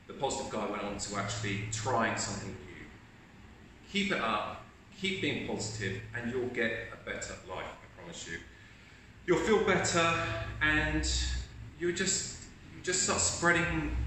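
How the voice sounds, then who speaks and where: A man's voice: medium pitch, bright, forceful tone, slight background noise. A man giving a chatty, encouraging self-help talk to camera as host, recorded in an echoey room from a distant mic. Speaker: video host.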